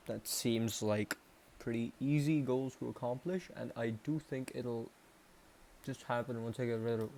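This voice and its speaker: A young man with a Canadian accent rambles slowly through a casual vlog. He speaks in a middle pitch, mocks himself, and trails off and restarts his sentences often. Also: creaky, warm tone, a little hiss or hum. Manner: rambling and self-mocking, with many restarts and trailing pauses. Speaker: vlogger. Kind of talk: casual self-improvement vlog.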